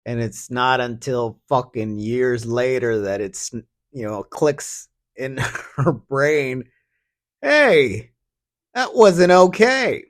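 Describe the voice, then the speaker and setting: A man with a medium-pitched, steady voice speaks slowly as he hosts a podcast alone. Talking through a story, he delivers casual solo commentary as a profane, sardonic ramble packed with fillers.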